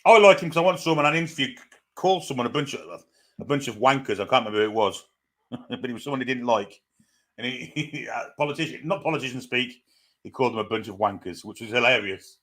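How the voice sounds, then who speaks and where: Man, live stream host, casual match chat, greets viewers by name, relaxed. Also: mid-range voice, fast talker. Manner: chatty, greets viewers, reads chat aloud.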